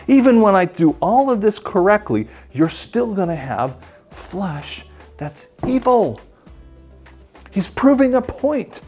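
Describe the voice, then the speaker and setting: A high-pitched man teaches the Bible in a sermon style, animated and acting out the voices of the people he quotes.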